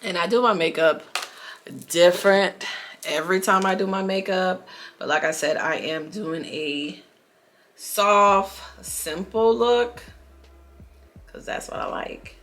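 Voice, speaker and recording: A woman's voice: on the low side, bright, forceful tone. A woman, chatting casually to viewers while doing her makeup, a bit dramatic. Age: 40s. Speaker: beauty vlogger.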